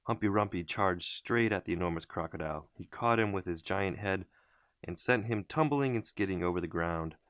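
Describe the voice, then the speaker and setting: A man reads a children's story aloud with a deep, low voice and expressive pacing. The recording is close and dry, with no room echo. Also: normal speed. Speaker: storybook reader. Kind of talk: reading a children's book aloud.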